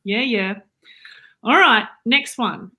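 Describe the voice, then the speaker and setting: A brash Australian wife who teases her husband bluntly and swears freely, as a woman acts her out. The voice is high, bright and sharp, with a bossy, ribbing edge in an improvised comedy stream. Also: slow pace, heavily acted. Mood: teasing.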